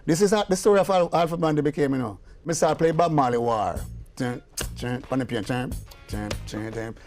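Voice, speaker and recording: Faint music plays behind an older Jamaican-accented man with a medium-pitched voice who talks fairly quickly. He's a guest musician and producer telling stories in a casual interview, animatedly acting out the quoted dialogue.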